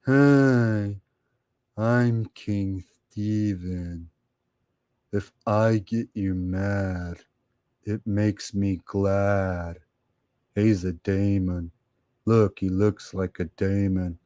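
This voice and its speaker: A man putting on a low, slow, mocking voice of a gloating online streamer. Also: fairly even intonation, warm tone, no room sound, clean studio sound.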